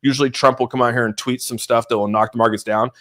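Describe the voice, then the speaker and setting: A man hosting a casual crypto livestream, rambling excitedly about the markets, often saying "dude" and greeting viewers from the chat. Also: mid-range voice, fast. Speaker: crypto channel host.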